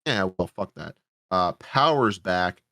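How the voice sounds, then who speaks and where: Guy on a podcast ranting about a movie, kinda low voice, lots of cursing, dead dry mic. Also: lively intonation, slow, sharp tone, no echo. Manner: profane, sarcastic, rambling. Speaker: podcast host. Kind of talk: casual movie review chat.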